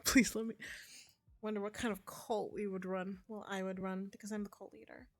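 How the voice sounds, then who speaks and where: A woman's voice: medium pitch, flat delivery, fairly quick. A woman streaming a game, reading the dialogue aloud between chatty asides. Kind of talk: casual gameplay commentary.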